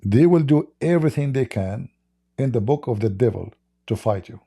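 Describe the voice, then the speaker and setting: A man hosts a livestream and tells a long story in a loose, rambling way, acting out each side of the exchange. His voice is very dark and mellow, with a gravelly edge and a husky grain. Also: medium pitch, animated, normal speed. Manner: rambling, acts out quoted dialogue. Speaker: livestream host. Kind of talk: casual storytelling monologue.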